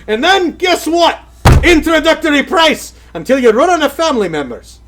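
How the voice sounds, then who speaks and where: A man co-hosting a casual gaming news show, bantering in an animated, joking way. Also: extremely high pitch, normal speed, noisy background. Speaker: podcast co-host.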